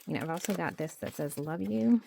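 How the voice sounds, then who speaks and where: A woman's voice: low-pitched, fast, creaky, noisy background. A woman narrating her journaling in a casual, chatty way, thinking aloud as she works at her home craft desk and sometimes dropping to a near-whisper. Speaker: journaling creator.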